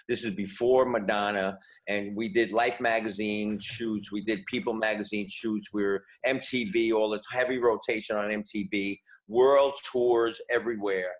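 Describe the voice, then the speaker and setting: A man's voice: fairly low pitch, low-quality recording. Man in his 60s telling long stories. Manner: rambling, repeats words, acts out quotes. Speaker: guest musician. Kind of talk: storytelling interview talk.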